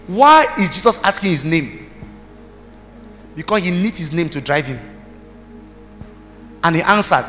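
A man preaching a sermon as pastor, emphatic, with shouted bursts and commands to the congregation. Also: high-pitched, very animated, a little slow, pauses often. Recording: reverberant hall with music behind.

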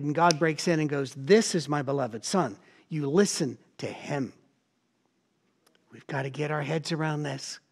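A middle-aged man delivers a sermon in a voice set a little high for a man. He preaches in an animated, storytelling way. He slips into the voices of the people he quotes. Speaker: pastor.

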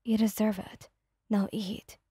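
A woman reading the part of a gruff, blunt young man in a fanfic audio story. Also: mid-range voice, little pitch movement, takes it slowly, mellow, no room sound, clean studio sound. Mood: tender. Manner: blunt, curt orders.

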